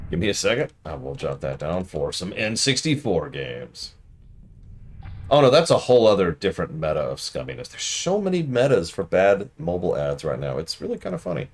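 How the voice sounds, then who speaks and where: A man with a very low voice that still swings widely in pitch, talking casually as a game streamer. He rants in a wry, mocking way between moments of play. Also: slight background noise. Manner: wry, ranting, mocks the ads he criticizes. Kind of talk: casual commentary while playing.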